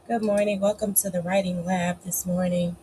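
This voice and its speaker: A woman's voice: fairly low pitch, flat delivery, normal speed, dark tone, a little hiss or hum, poor audio. A woman with a cold, hosting a live writing session in a chatty, playful, encouraging way. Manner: chatty, playful, encouraging with lots of "y'all" and "child". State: sniffly, coming down with a cold. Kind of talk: casual live-stream chat.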